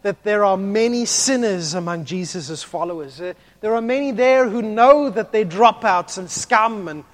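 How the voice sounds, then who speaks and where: Animated high-voiced preacher. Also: male voice, moderate pace. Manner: animated, swings from hushed to loud, acts out voices. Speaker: pastor. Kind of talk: sermon.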